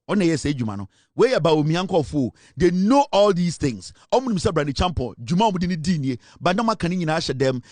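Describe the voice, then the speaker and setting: Ghanaian guy, high voice, dramatic political commentary, dry close sound. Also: dry recording. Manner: emphatic, dramatic, mixes Twi and English.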